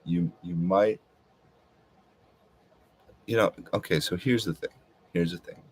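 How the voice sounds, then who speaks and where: A man with a very deep, husky voice rambles through a casual monologue. He speaks slowly and hesitantly, with many filler words. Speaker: podcast host.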